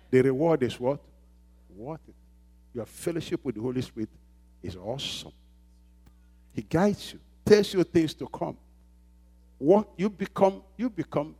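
Preaching emphatically, a male pastor repeats phrases and throws call-and-response questions out to his congregation. His voice is medium-pitched, darkish in tone, and slightly rough.

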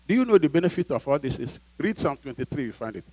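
A man's voice: on the high side, big pitch swings, fast talker, mellow, slightly rough, dry recording, poor audio. A male pastor preaching a sermon emphatically, often asking the congregation to fill in a word.

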